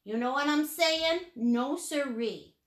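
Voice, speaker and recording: A woman's voice: high-pitched, takes it slowly. A woman teaching a live painting lesson step by step, playful and chatty, with sing-song asides. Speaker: painting instructor.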